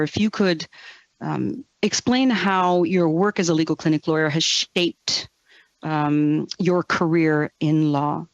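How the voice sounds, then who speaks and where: A woman's voice: lowish voice, no echo. A woman senator asking earnest, searching questions at a hearing over a remote video call. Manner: earnest, searching, restarts phrases. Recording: muffled, dry remote audio.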